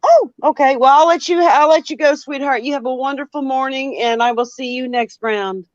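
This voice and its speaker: A woman's voice: high voice, normal speed, no room sound, lo-fi sound. A woman speaking as a guest on a livestream, affectionate and reassuring, calling the host sweetheart.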